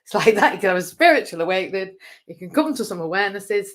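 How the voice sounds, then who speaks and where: A woman's voice: mid-range voice, expressive, fast talker. A woman hosting a live stream, rambling through a casual monologue in a chatty, self-mocking way and laughing often.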